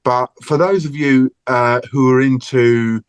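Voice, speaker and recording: A man's voice: medium pitch, fairly even intonation, unhurried, clean tone, dry recording. A man chatting casually with friends, laughing often and teasing the others. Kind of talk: casual chat among friends.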